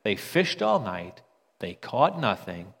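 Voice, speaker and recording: A man's voice: fairly low pitch, big pitch swings, slow pace, gravelly, fairly bright tone, breathy edge, in a large hall. A man preaching a sermon in a conversational way, often stumbling and repeating words as he restarts.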